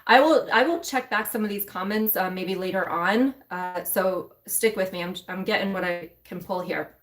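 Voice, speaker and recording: On a live stream, this mentor and spiritual coach for women recounts her own story with emotion, speaking directly and conversationally to viewers. Her mid-range voice moves at a normal speed with few pauses.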